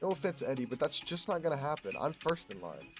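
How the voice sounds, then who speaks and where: A man's voice: fairly high pitch, very animated, fast talker. A man doing a brash, showy woman. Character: loud, theatrical woman accusing a rival. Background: game music.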